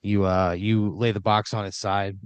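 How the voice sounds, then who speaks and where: A man's voice: lowish voice, flat delivery, normal speed, clean tone, no echo, muffled recording. A man narrating an improvised horror comedy scene in a loose, rambling way, full of fillers and restarts. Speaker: storyteller running the scene.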